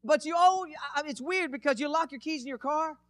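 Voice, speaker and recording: High-voiced energetic preacher man. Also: a little fast, no echo, clean studio sound. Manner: energetic, calls out to congregation. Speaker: pastor. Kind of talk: sermon. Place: church.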